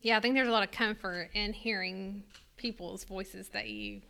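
A woman with a Southern US accent, co-hosting a podcast and talking quickly in casual chat. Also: medium pitch, steady tone, gravelly, bright, forceful tone, clean tone. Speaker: podcast co-host.

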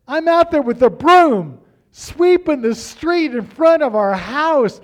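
A middle-aged man preaching as a pastor, telling family stories with halting restarts and acting out the dialogue. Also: very high voice. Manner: animated, acts out dialogue in raised voices; halting restarts and repeated words. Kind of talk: storytelling sermon.

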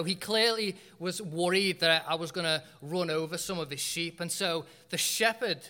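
Bright-voiced preacher in a reverberant hall. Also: male voice, high voice. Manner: humorous storytelling with dramatic pauses. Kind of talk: sermon.

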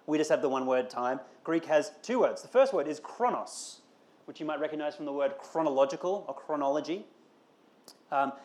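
A man preaching a conversational sermon, asking rhetorical questions and building to emphatic calls. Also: on the high side. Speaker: pastor.

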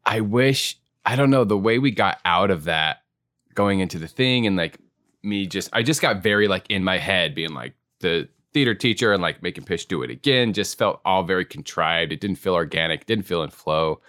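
A man's voice: low-pitched, animated, moderate pace, a bit bright, no room sound, studio quality. A man co-hosting a podcast, reflecting self-critically on a past improv show with many casual fillers. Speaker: co-host, improv performer.

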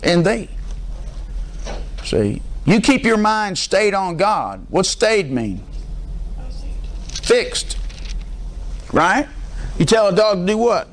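Speaking slowly with frequent pauses, a middle-aged pastor preaches in a high, very animated voice. His emphatic sermon leans on call-and-response questions to the congregation.

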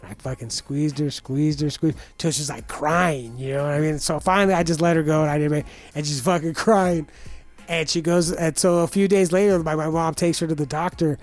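A man's voice: on the high side, fairly even intonation, a little fast, soft background music. A young man telling rambling, profane stories in casual chat, full of restarts and fillers. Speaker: podcast guest telling stories.

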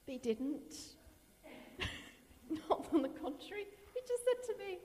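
A middle-aged woman giving a personal testimony in an earnest, emotional way that often drops to a hushed voice. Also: extremely high pitch, big pitch swings, measured pace, in a large hall. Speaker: church member giving testimony.

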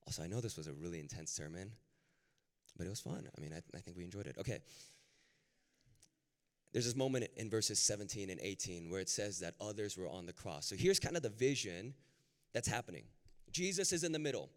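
A man preaching a sermon in a casual, conversational way that builds to impassioned, near-shouted peaks. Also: lowish voice, expressive, a little fast. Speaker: pastor. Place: large hall with a live audience. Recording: long hall reverb, faint music.

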